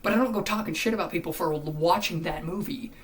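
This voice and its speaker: A YouTube commentator in an unscripted, exasperated rant, cursing often and repeating phrases, swinging between loud outbursts and muttered asides. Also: mid-range voice, quick pace. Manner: profane and exasperated, with frequent cursing and repetition. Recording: slightly distant mic with faint background noise.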